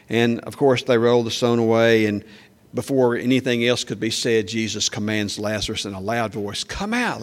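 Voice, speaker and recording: A man preaching a sermon in a conversational way, asking the congregation questions and acting out quoted lines louder and higher. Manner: acts out quoted speech with raised pitch and volume. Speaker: pastor.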